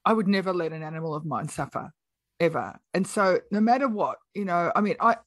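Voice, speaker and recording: A woman's voice: lowish voice, fairly quick, dry recording. A middle-aged woman, a podcast guest, telling a story in casual chat, frank and outspoken, acting out the lines of the people she quotes. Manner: animated, acts out quoted dialogue.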